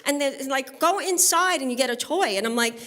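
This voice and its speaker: Performing stand-up on a live music studio stage, this Brooklyn, New York woman speaks fairly quickly in a high, pushed, bright voice with lively intonation. Her delivery is conversational, full of banter with the audience.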